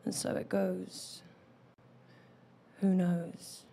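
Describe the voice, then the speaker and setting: A woman's voice: on the low side, little pitch movement, drawn-out words, vocal fry, mellow, slight background noise. A young woman from London with a London accent, performing rhythmic rhyming spoken word poetry into a stage microphone at an open mic. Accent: London English. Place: open mic venue, indoors.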